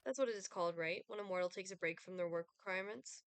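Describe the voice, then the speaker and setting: A woman's voice: lowish voice, fast, clear, resonant tone, no room sound, close to an everyday voice. Haughty Grim Reaper from a dating game, formal and chilly, dry close sound, read by a woman. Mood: cold, formal. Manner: cool, clipped, formal speech. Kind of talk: reading game dialogue aloud.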